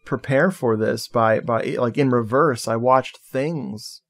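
A man's voice: mid-range voice, slow pace. A man co-hosting a casual podcast film review. He talks loosely, swears casually and laughs a lot. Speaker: podcast co-host.

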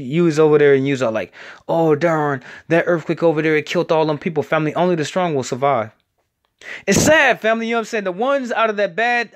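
A high-voiced man preaches in a loose, rambling way. He ends almost every phrase with a call to his "family." He slows right down to draw out the words he wants to land. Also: fairly bright tone. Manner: repeats "family" after nearly every phrase, rambling and emphatic; drags out key words slowly for emphasis. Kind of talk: casual preaching to an online audience.

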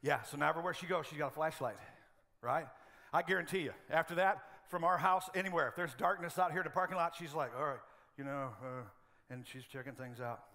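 A middle-aged man preaching a sermon as pastor of a church, telling humorous stories in an animated way. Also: on the high side, fast, gravelly.

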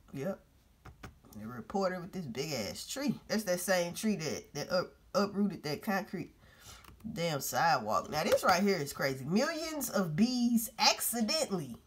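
A woman's voice: mid-range voice, a bit bright, breathy edge. A woman vlogger commenting on news clips in a blunt, profane, casual way, talking straight to her viewers.

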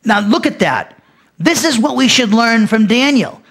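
A male pastor teaching a Bible lesson, speaking emphatically with frequent restarts and sudden loud peaks. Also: very high voice, expressive, measured pace, breathy edge.

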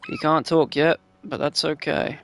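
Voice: medium pitch, wildly swooping pitch, a little slow, fairly bright tone, slight background noise. A gameplayer chatting casually over a life-sim game, swearing freely and talking to the game characters.

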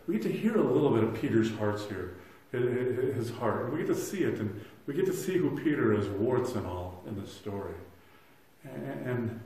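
A man in his thirties preaching a sermon as pastor, earnest, shifting between loud emphasis and soft, hushed lines, often repeating words as he restarts. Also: medium pitch. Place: church sanctuary. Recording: very echoey church room.

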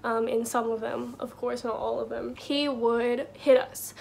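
A young woman in her twenties speaks softly and casually, scattering filler words through a personal story. Her voice sits high for a woman. Faint background hiss runs under the recording. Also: flat delivery, a little slow, gravelly. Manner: soft-spoken, many filler likes, gets choked up. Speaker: vlogger.

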